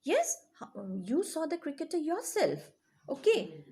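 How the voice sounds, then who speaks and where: A woman's voice: sits high, unhurried. A woman teacher explaining grammar to children, checking often that they follow. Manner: lively, checks understanding often.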